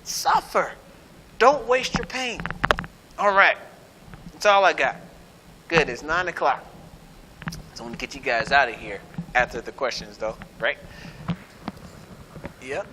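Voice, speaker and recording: A man's voice: mid-range voice, expressive, a little slow, pauses often. A man preaching a conversational sermon, playful and sarcastic, often checking in with his listeners. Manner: conversational preaching, keeps asking "right?". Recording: noisy hall with long reverb.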